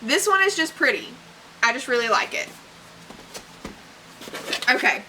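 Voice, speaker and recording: Young woman gushing over a book box, slow and easy, bright voice, faint hiss behind. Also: high-pitched, sing-song, rough recording. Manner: chatty, gushing, with fillers and little laughs. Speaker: book unboxing vlogger. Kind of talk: casual unboxing chat, reading blurbs aloud.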